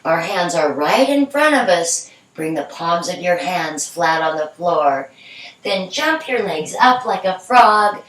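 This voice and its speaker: A middle-aged woman guiding a children's yoga class in a gentle, encouraging, playful way. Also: on the low side, lively intonation, slow pace. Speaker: yoga instructor. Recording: echoey room, from a distance.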